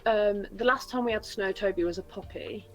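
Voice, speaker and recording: Animated woman telling stories. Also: medium pitch, moderate pace, soft background music, poor audio. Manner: animated storyteller, swears freely. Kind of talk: casual chat.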